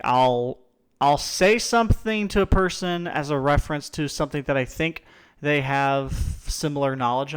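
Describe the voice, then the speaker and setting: A young man hosting a podcast, chatting casually and telling stories with quick asides. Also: mid-range voice, smooth. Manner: animated storyteller, quick asides. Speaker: podcast host.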